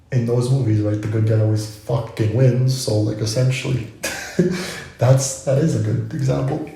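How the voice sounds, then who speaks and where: A man's voice: medium pitch, gravelly, dark tone. A man vlogging, musing in a loose, rambling way full of asides. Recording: very echoey room.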